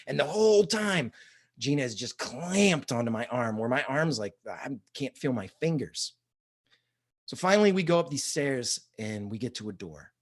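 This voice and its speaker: Self-deprecating male storyteller. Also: mid-range voice. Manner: self-deprecating, animated, halting restarts. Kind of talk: comic live storytelling.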